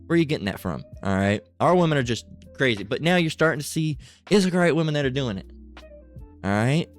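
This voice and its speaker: A man's voice: mid-range voice, expressive, a little fast. A man speaks in an ordinary middle register, his throat itchy and scratchy. He delivers loose religious commentary, wandering, cursing and padding his points with fillers, while faint music plays behind him. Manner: rambling, profane, full of asides and fillers.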